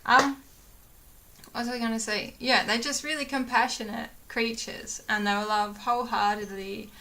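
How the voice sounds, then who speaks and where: A woman's voice: fairly high pitch, steady tone, normal speed, pushed and bright. A young woman chatting casually to her camera at home, rambling with many fillers and acting out what others said. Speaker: vlogger.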